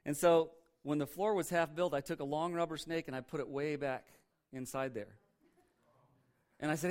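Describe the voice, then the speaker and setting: A male pastor preaching with a slightly high-pitched voice. He reads scripture aloud and breaks off into jokey stories from his own life. He repeats key words for emphasis and talks in an animated way. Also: fairly quick. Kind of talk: sermon.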